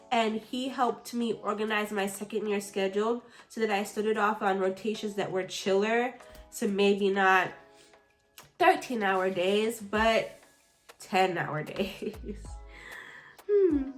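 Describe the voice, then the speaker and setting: A young woman speaks straight to camera in a personal vlog, open and emotional, with halting pauses and casual fillers. Her pitch sits in a middle range. Soft music plays faintly behind her. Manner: candid and emotional, frequent likes and pauses. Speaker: medical resident.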